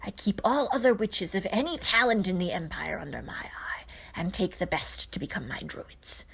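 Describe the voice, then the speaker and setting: Old sorceress for a storybook reading, cold and contemptuous, harsh husky whisper, a woman doing the voice. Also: on the low side, very animated, moderate pace, fairly bright tone, exaggerated voice. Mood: scornful.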